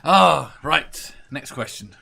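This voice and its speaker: A man hosts a relaxed group chat and reads out listener comments. His voice is bright and a little raised in pitch. He jokes around as he goes. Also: takes it slowly, vocal fry, slightly rough. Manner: joking, reads comments aloud. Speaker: podcast host reading listener comments.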